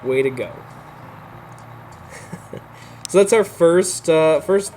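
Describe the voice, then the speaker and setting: A man casually commenting on a game he is playing, with a relaxed, rambling manner and lots of filler words. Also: a little high, a little slow, a little hiss or hum. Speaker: let's play host.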